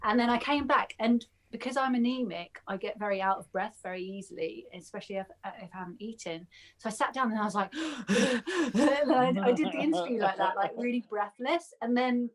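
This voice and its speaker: A woman's voice: a little high, fast. A woman hosting a casual podcast chat, telling rambling stories and laughing often. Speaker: podcast host.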